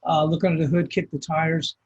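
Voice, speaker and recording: A man's voice: fairly high pitch, flat delivery, a little fast, darkish tone, breathy edge, muffled recording. A man hosting a trading webinar, giving loose, rambling market commentary over a shared screen with many fillers and restarts.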